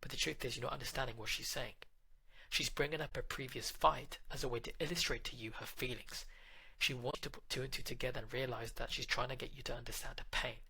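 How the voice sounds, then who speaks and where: Gravelly man giving direct relationship advice. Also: medium pitch, fairly even intonation, quick pace, pushed and bright, low-quality recording. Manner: direct, instructive, addresses the listener. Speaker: relationship coach.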